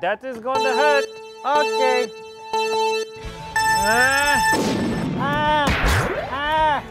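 A man with a high, unhurried voice yelps and exclaims through a playful kart race. Loud music plays underneath him the whole time. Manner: yelpy, exclaiming, silly. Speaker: show regular playing a kart race. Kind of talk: excited playful game banter.

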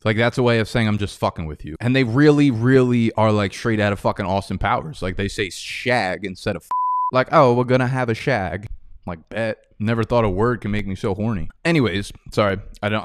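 An energetic young man with a New York-New Jersey accent talks through his fantasy football picks in a casual, emphatic way. His voice sits at an ordinary male pitch. The recording is close and dry, with no room sound. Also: no room sound. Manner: energetic and emphatic, drifts into chatty, profane tangents. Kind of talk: casual, opinionated analysis to camera.

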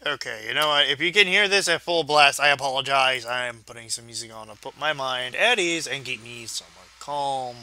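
A man's voice: medium pitch, brisk, few pauses, pushed and bright, a little hiss or hum. A man rambling through let's-play game commentary, swearing casually and talking to himself and his viewers. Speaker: gaming video host.

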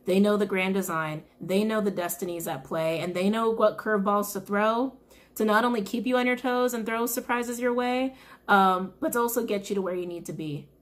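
A woman's voice: mid-range voice, steady tone, moderate pace. A woman giving a casual tarot reading to camera. She gushes with emotion, swears casually and repeats phrases for emphasis. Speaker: tarot reader.

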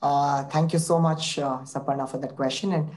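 A man moderating an online session, courteous and hesitant, filling pauses with uh as he calls on speakers. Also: on the high side, steady tone, a little mellow. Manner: hesitant, many uh fillers, courteous. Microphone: video call, distant from mic. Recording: distant video-call audio.

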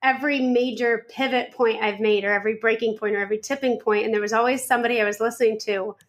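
A woman's voice: fairly high pitch, steady tone, fast. A woman hosting a podcast, talking in a chatty, informal way full of fillers as she responds to her guest. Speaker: podcast host. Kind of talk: casual interview chat.

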